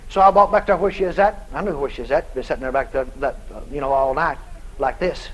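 A man preaching a sermon through a dramatic story, animated and bursting into shouts. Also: medium pitch, fast, a little hiss or hum, rough recording.

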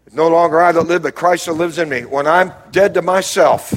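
A man preaching a sermon as pastor, swinging between loud rises and quiet low drops and calling out to the congregation. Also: brisk. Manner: preaching with sudden rises and drops, calls to the crowd.

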